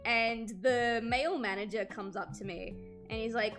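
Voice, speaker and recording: A woman's voice: on the high side, moderate pace, fairly bright tone, faint music behind. A woman in her twenties chatting casually with her stream while drawing, telling stories with many "like" fillers.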